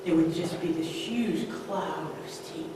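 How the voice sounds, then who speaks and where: A woman in her fifties performing a true story live, dropping to near-hushed tones and then rising to emphatic peaks. Her voice rolls through a big, reverberant hall, picked up from far away, with faint room noise behind. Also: on the low side, slow. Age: 50s. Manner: animated, swings from hushed to emphatic. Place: stage in a large hall. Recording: echoey hall, far-off mic.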